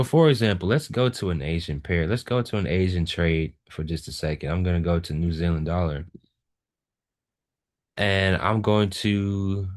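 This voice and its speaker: A man giving a trading lesson over a screen share, emphatic and repeating his key points. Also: low voice. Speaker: trading educator.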